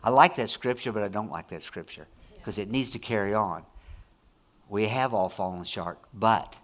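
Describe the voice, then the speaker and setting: A man preaching a sermon, moving between quiet, low passages and loud, high-pitched, excited prayer. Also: moderate pace. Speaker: pastor.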